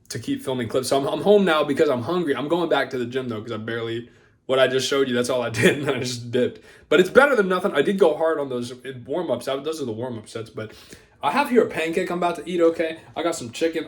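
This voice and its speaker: A man's voice: medium pitch, dry recording. A young man talks straight to his phone camera at home in a loose, rambling way. He jokes at his own expense and wanders off on tangents. It is casual, unscripted vlog chatter. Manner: rambling, jokey, self-deprecating. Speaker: fitness vlogger.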